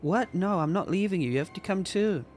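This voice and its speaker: A man's voice: high-pitched, animated, brisk, darkish tone, faint music behind, pitched above the performer's own voice. A man voicing a frightened young princess who pleads with her father. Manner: pleading, breathless.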